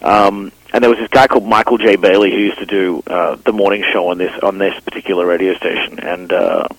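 An Australian man in his thirties, a radio broadcaster, chats as a studio guest in a casual interview, his accent Australian with some Canadian mixed in. His low voice has fairly even intonation and runs a little fast as he rambles, restarts phrases, and uses many fillers. The audio is poor, with no room sound.

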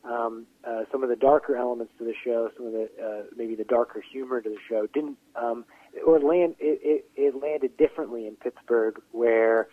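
A man's voice: medium pitch, steady tone, normal speed, slightly rough, dry recording. A man interviewed as a playwright, talking casually with many fillers and restarts over a phone line. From Western Pennsylvania. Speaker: playwright and actor, interview guest. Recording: tinny phone-line audio.

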